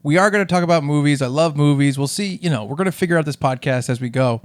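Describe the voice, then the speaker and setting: A man's voice: a little high, quick pace, smooth. A man co-hosting a comedy podcast, talking casually and thinking aloud. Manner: chatty, thinks aloud with fillers. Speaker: podcast co-host.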